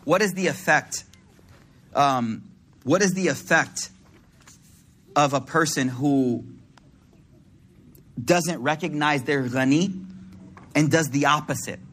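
A man preaches to his listeners in a loose, storytelling way, full of slang and acted-out dialogue. His voice sits high and sounds bright, with a slightly husky grain. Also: slow pace, pauses often. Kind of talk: informal sermon.

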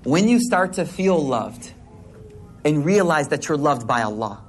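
A man's voice: fairly high pitch, unhurried, soft background music. A man giving a sermon to an audience in a hall, mixing casual slang with religious teaching and acting out voices. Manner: casual slang-filled preaching, animated voices. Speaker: preacher.

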